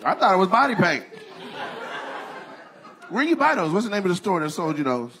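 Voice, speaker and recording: A man doing crowd work in a big theater, pitched a little high with a lively, swinging delivery. He teases the audience loudly while a roaring crowd laughs behind him over a noisy live sound. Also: brisk. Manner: loud, laughing, teasing audience members. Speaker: stand-up comedian. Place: large theater on stage.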